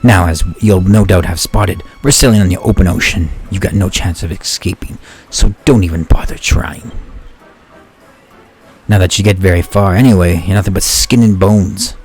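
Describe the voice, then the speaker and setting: A man's voice: low-pitched, normal speed, darkish tone, slightly rough. A man voicing a gloating male monster captain who taunts his prisoners while reading game dialogue aloud. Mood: taunting. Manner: taunting, mock-cheerful threats.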